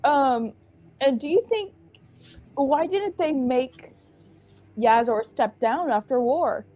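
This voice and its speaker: Slow, lively-voiced woman player. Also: high-pitched, dull audio, faint music behind. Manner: playful, teasing, slow. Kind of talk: in-character tabletop play.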